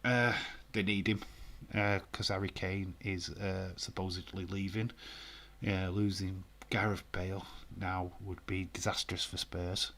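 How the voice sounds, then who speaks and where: Slow, low-voiced Yorkshire man. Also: flat delivery, a bit bright. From Yorkshire, northern England. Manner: laid-back, jokey, swearing, frequent "uh" fillers. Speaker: live stream host. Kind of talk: casual live stream chat.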